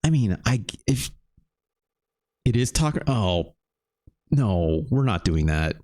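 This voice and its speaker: Animated low-voiced man streaming a game. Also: slow, long pauses. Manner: animated, swears casually, talks to chat. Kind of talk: live game stream chat.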